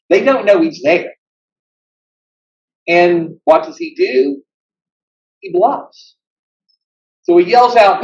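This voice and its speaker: Animated storytelling man, echoey hall. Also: sits high. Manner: animated storyteller, acts out quotes. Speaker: guest speaker. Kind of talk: history lecture. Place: meeting hall. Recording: echoey, dull lo-fi room recording.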